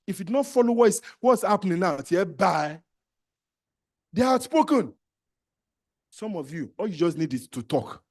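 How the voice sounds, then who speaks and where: Nigerian guy, pretty high voice, preaching business hustle to a crowd, pushy and repetitive, bits of pidgin. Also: darkish tone, breathy edge. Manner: emphatic, exhorting, repeats commands to the audience. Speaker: entrepreneurship trainer. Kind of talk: live motivational speech.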